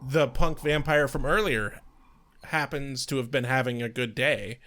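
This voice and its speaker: A man's voice: mid-range voice, steady tone, a bit bright. A man co-hosting a podcast, reviewing an episode in a casual, joking, chatty way. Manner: joking, chatty, quick asides. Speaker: podcast co-host.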